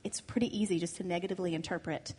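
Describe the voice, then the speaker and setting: A woman's voice: on the low side, fairly even intonation, very fast, a little mellow, a little hiss or hum. A middle-aged woman co-leading a marriage workshop who speaks in a candid, reflective way. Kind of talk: conversational seminar teaching. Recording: reverberant hall.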